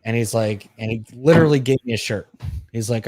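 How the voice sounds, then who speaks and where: A man's voice: medium pitch, fast, no room sound. A man in his forties co-hosting a podcast, telling stories in casual chat and acting out the people he quotes. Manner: animated storyteller, acts out quotes. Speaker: podcast co-host. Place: podcast studio.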